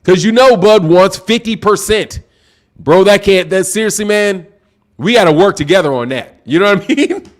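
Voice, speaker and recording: Sipping drinks during his home live stream, this boxing channel host projects at full volume in a high voice that carries. He's excitable and casual, reading super chats aloud at normal speed, and "bro" turns up nearly every sentence.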